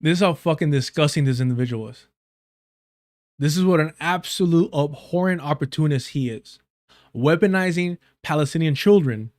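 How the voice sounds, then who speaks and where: A man's voice: on the high side, no echo, clean studio sound. A man hosting a live stream, giving angry, repetitive commentary on a clip, swearing often. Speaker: live stream host reacting to clips.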